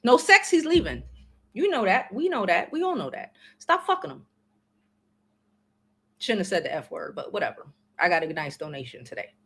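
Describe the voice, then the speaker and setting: A woman's voice: mid-range voice, very animated, normal speed, long pauses, fairly bright tone, slightly rough. A woman in her forties, hosting a livestream and giving blunt, slangy, profane advice in casual chat to her viewers. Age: 40s. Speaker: livestream host.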